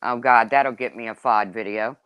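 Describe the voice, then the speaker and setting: A woman telling casual stories, swearing freely and swinging between loud exclaims and low asides. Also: fairly even intonation, moderate pace, clean tone, dry recording. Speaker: storyteller. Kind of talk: casual chat.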